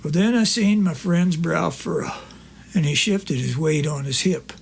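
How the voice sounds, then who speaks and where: A man's voice: fairly high pitch, expressive, a little slow, creaky, a little hiss or hum. A man performing as a cowboy poet, reciting rhymes and telling stories on stage in a folksy drawl full of rural slang.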